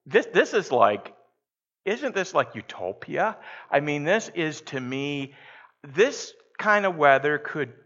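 A male pastor with a high voice tells a story from the pulpit in an unhurried, conversational way. The recording is dull and slightly lo-fi. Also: sing-song, fairly bright tone. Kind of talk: sermon.

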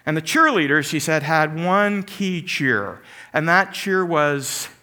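A middle-aged man preaching a sermon, telling stories with animated delivery and acted-out voices. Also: fairly high pitch, takes it slowly. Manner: animated storytelling, acts out voices.

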